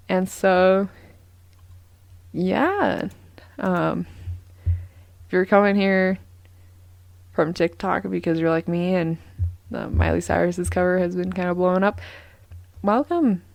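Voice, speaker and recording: A woman's voice: lowish voice, vocal fry, no room sound. A young woman hosting a casual solo podcast, rambling with lots of ums and restarts. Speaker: podcast host.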